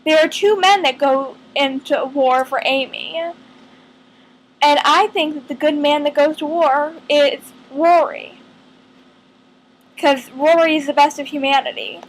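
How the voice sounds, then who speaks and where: A woman vlogging in casual fan chat to camera, earnest and rambling, thinking aloud with lots of pauses. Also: sits high, steady tone, poor audio.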